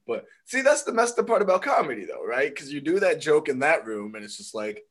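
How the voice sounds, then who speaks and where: A man's voice: a little high, sing-song, brisk, fairly bright tone. A young man co-hosting a casual chat, laid-back and joking, laughing often. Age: young adult. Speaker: podcast co-host and stand-up comic.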